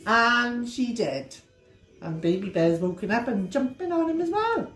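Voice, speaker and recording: A woman teacher reading a picture book aloud to children, expressive and playful with sound effects. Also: on the high side, unhurried, soft background music. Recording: roomy echo.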